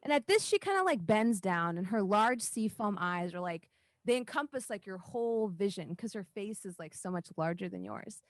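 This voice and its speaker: A woman narrating a tabletop game as dungeon master, halting and full of fillers. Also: medium pitch, expressive, dry recording.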